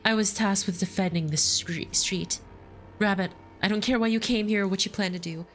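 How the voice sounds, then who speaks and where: A woman voicing a gruff, stern city guard who is curt and threatening toward outsiders in a game story. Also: mid-range voice, normal speed, slight background noise, close to an everyday voice.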